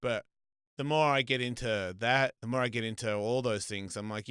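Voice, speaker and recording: A man's voice: mid-range voice, moderate pace, fairly bright tone, clear, resonant tone, dry recording, studio quality. A middle-aged Australian man hosting a casual chat, swearing freely and rambling through restarts. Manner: rambling, profane, lots of restarts. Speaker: host.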